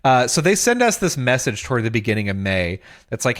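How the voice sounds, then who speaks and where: A man's voice: mid-range voice, sing-song, a little fast. A man hosting a podcast, telling a long story in casual chat. He acts out the people he quotes, swears, and laughs as he goes. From Texas. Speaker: podcast host.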